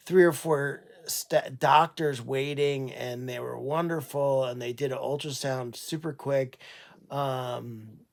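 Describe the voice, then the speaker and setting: Slow, gravelly-voiced man chatting. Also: mid-range voice. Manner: halting, many fillers and restarts. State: tired and unwell. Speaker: animal sanctuary owner. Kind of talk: casual livestream chat.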